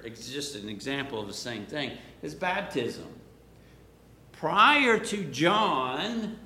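A man's voice: on the high side, a bit bright, a little hiss or hum. A man delivers a teaching sermon in a slightly raised voice, taking his time over each point. He explains, asks his listeners questions and leans into the important words. The sound carries the roomy echo of a church hall. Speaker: preacher.

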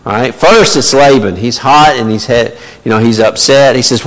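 A man's voice: mid-range voice, normal speed, hardly any pauses, fairly bright tone. A man teaching a Bible study in a conversational way, with many fillers and asides. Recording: long reverb of a large hall.

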